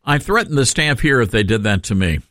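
A middle-aged man with a Tennessee Southern accent hosting a call-in radio talk show, chatty and upbeat and quick to laugh. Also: mid-range voice, big pitch swings, a bit bright, dry recording, clean studio sound.

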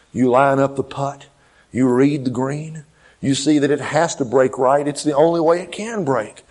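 A male pastor preaching a sermon, swinging between loud emphatic peaks and quiet low asides, acting out quoted dialogue. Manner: acts out quoted dialogue in changed voices.

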